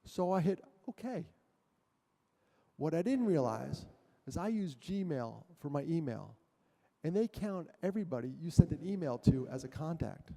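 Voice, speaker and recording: A man speaking as a guest at a church, telling his story in an animated, self-mocking way. His voice is a touch high and mellow. It rings with long reverb from the hall. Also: normal speed, creaky. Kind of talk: storytelling talk to a church audience.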